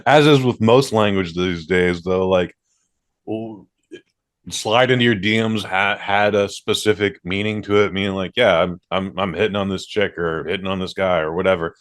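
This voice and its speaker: A man's voice: low voice, steady tone, moderate pace. A man hosting a podcast, chatting casually and ranting with plenty of swearing. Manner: ranting, profane. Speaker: podcast host. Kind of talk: casual chat.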